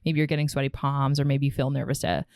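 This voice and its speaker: Woman, podcast co-host, calm explanatory delivery, dry close sound. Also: extremely low pitch, fast talker, no room sound. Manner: calm, explanatory, steady teaching tone. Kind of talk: casual podcast chat.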